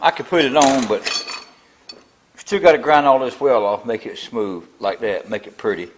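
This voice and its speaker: An older man, in a casual workshop vlog, rambles and grumbles as he walks through a tractor build in his machine shop. His voice is medium-pitched at a moderate pace, against a noisy background.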